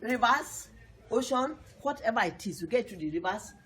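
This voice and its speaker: A woman's voice: on the high side, animated, moderate pace, a bit bright. A woman teaching a lesson to young pupils, repeating points emphatically and asking the class questions.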